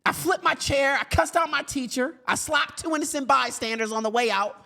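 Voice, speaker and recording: A man in his thirties giving a storytelling talk to educators, acting out his younger self with a raised, lively voice. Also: very high voice, brisk, gravelly. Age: 30s. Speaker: speaker for educators.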